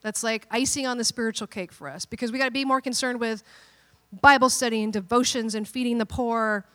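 Woman pastor, sermon, fairly high voice, playful, animated, acts out quotes. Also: brisk.

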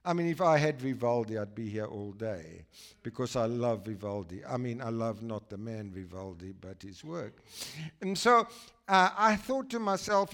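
An enthusiastic man from South Africa gives a guest talk in church, exclaiming over pictures and wandering into chatty asides. His voice sits at a middle pitch. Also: very animated, a little slow, fairly bright tone. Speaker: guest speaker.

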